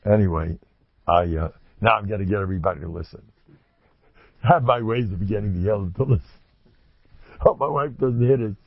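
Gravelly-voiced man giving a joking religious talk. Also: brisk, pauses often, no room sound. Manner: humorous, self-mocking, with sudden high exclamations. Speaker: religious speaker. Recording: dull, dry lo-fi recording.

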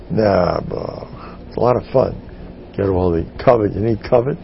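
A man, a rabbi and teacher, giving a humorous inspirational talk to a group, animated and jumping into character voices. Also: fairly low pitch, moderate pace, gravelly, lo-fi sound, slight background noise.

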